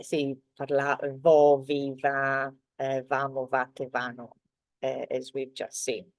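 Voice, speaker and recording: A woman teaching a language lesson, walking through slides patiently with many pauses and fillers. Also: low-pitched, darkish tone, no echo. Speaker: Italian teacher. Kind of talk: grammar lesson explaining slides.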